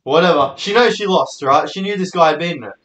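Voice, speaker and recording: Recorded in a room with echo, this young male host spins loose, profanity-laden anecdotes in a relaxed storytelling monologue. He speaks quickly in a high, fairly bright voice.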